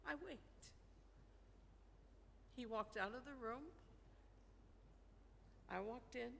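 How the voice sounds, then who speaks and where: A woman in a grief group telling a personal story, halting and searching for her words. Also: fairly high pitch, fairly even intonation, creaky, a bit bright, slight background noise. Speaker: group participant. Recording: reverberant hall with faint ambience.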